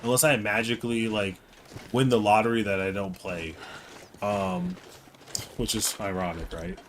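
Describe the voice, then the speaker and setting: At a moderate pace and in a steady tone, a man co-hosting a gaming stream chats casually and playfully, wandering from topic to topic. His voice is on the low side and fairly bright, with a little hiss or hum.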